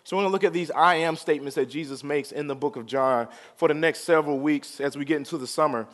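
Man, pastor, sermon, high voice, call-and-response, hushed then loud. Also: fast.

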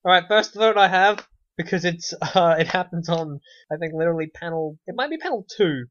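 A man's voice: high-pitched, brisk, a bit bright, dry recording. Wry man co-hosting, dull dry sound. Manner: wry, sarcastic, trails off and restarts. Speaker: podcast co-host. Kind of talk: casual chat. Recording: dull, dry lo-fi podcast audio.

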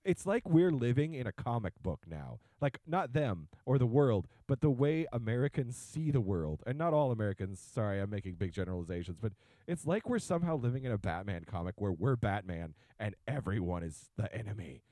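Guy cohosting a podcast, ranting, does silly mock voices, warm low tone. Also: expressive, brisk, dry recording. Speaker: podcast co-host. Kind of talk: casual chat.

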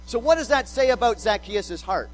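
High-voiced man preaching a sermon. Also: lively intonation, normal speed, rough recording. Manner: emphatic, repeats words, acts out quotes. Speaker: pastor.

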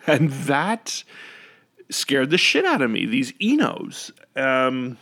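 A man's voice: medium pitch, very animated, slow pace, bright, forceful tone. A man telling a casual, rambling story into a close microphone, often correcting himself and laughing. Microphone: studio microphone up close.

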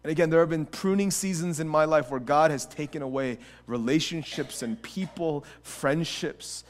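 Impassioned pastor with a fairly high voice. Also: male voice, moderate pace. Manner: swings from quiet reflection to impassioned near-shouting; repeats and restarts phrases. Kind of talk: sermon.

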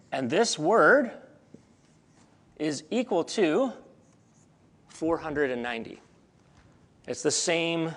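A middle-aged male pastor preaching a sermon in a storytelling way, climbing to emphatic peaks and dropping soft again, and often repeating words as he thinks aloud. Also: on the high side.

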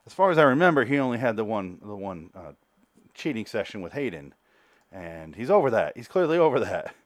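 A man's voice: lowish voice, sing-song, no echo, clean studio sound. A man hosting a casual podcast, recapping a TV episode in a rambling, sarcastic way, with lots of swearing. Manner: rambling, sarcastic, acts out characters' lines in quick asides. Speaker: podcast host reviewing a TV show.

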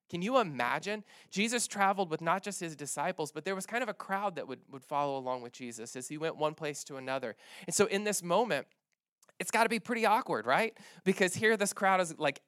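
Man, pastor, sermon, conversational, slightly high pitch, smooth tone. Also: no room sound, studio quality. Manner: conversational, many restarts and fillers, animated retelling.

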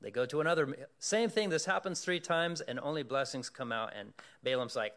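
A male pastor preaching a sermon, telling a story in an animated way and asking the congregation questions. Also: medium pitch, moderate pace.

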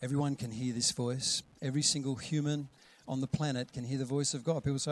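A man preaching a sermon in a conversational way, acting out quoted voices and dropping to a hush for gentle lines. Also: medium pitch, little pitch movement, fast. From Australia. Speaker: pastor.

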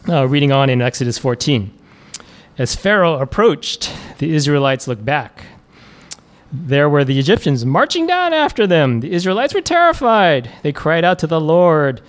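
A man's voice: a little high, very animated, moderate pace. A man preacher giving a casual, conversational sermon, chuckling often and using many fillers.

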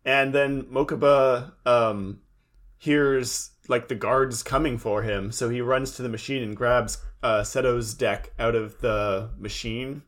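A man co-hosting a casual podcast, recapping an episode in a relaxed, wry storytelling way. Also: mid-range voice, slow. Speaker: podcast co-host.

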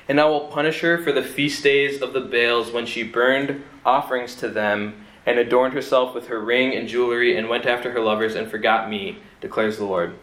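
Young man, twenties, seminary student preaching informally to a youth group; mid-pitched, chatty, lots of restarts, recorded with roomy echo. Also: fairly bright tone. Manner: conversational, frequent "like" and repeated restarts. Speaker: seminary student giving a talk. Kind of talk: casual sermon talk with scripture reading. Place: room with a group of listeners.

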